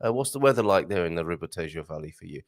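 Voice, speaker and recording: A man's voice: low-pitched, expressive. A man hosting a casual morning live stream from a home studio, chatting, reading viewer comments aloud and trying out Portuguese phrases. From Britain. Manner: chatty, rambling, chuckles often, reads comments aloud, tries Portuguese phrases slowly. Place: home studio with green screen.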